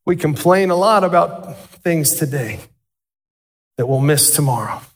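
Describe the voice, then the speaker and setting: A middle-aged man preaching a sermon as a pastor, animated and asking the congregation questions. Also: fairly high pitch, unhurried. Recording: long reverb of a large hall.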